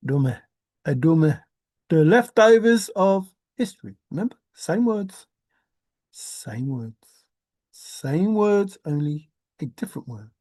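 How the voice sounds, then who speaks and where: Older lady rambling to herself, singsongy repeats, lowish mellow voice. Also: lively intonation, slow, no echo. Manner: repeats words in singsong, hums and laughs to herself. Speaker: treasure hunt vlogger. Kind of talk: rambling musing monologue.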